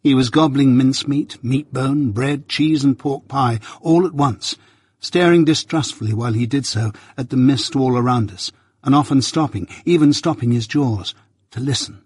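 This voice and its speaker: A man narrating a story in a measured storytelling manner. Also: medium pitch, darkish tone, slightly rough, dry recording. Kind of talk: scripted narration.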